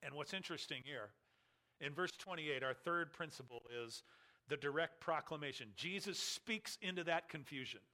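A man's voice: fairly high pitch, normal speed, bright, forceful tone. A man preaching an expository sermon as a pastor, emphatic and full of rhetorical questions.

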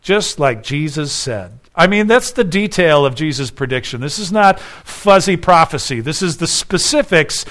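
A male preacher with a fairly high voice delivers an expository sermon. He acts out the quoted lines with raised emphasis and drops into quiet asides. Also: animated, moderate pace, few pauses. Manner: shifts between soft asides and raised emphasis. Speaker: pastor.

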